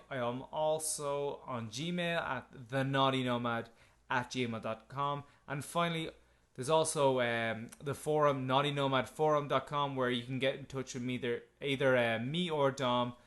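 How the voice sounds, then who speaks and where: A man's voice: mid-range voice, fairly even intonation, moderate pace, a bit bright. A man hosting a podcast in an enthusiastic, chatty way. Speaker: podcast host. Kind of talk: casual podcast chat.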